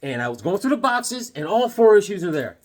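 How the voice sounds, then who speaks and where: This man talks a little fast in a high voice, telling a childhood story in a relaxed way and holding up comics from his collection. Mid-story he gets animated, performing yelps and different voices.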